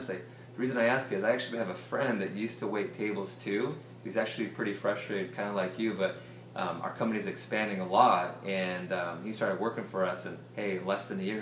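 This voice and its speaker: A man's voice: fairly low pitch, a bit bright, roomy sound, a little hiss or hum. A man giving a casual sales training talk, acting out example conversations with strangers. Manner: conversational, acts out example dialogue. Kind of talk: seminar talk on prospecting.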